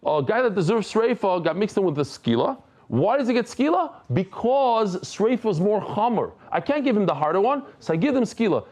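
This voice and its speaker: A man's voice: high-pitched, big pitch swings, fairly quick, a little mellow. A man giving a daily Talmud class in a conversational, humorous way, mixing Hebrew and Aramaic terms into his English. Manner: humorous asides. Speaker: Talmud teacher.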